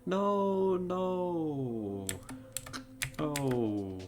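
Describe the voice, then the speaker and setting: A woman's voice: low-pitched, very animated, extremely slow, background noise. A woman streaming a video game, talking casually and in an easily moved way, with lots of fillers and laughter. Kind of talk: casual live-stream commentary.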